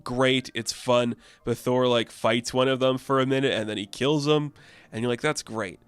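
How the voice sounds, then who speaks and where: A chatty man rambles through a casual comic book review, his speech loose and full of fillers. His voice is mid-pitched, smooth and clear. The sound is dry and close to the mic. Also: steady tone, normal speed, no echo, faint music behind.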